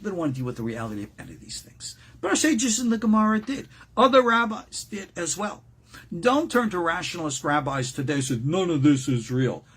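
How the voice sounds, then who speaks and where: Older man, husky and animated. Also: high voice. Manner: playful, jokey, repeats words when excited. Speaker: host. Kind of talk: casual joking talk.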